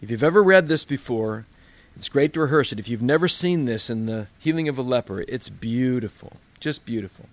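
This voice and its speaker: A man's voice: mid-range voice, expressive, fairly quick, no echo. Plainspoken male pastor, dry sound. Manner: conversational, plainspoken storytelling. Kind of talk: sermon.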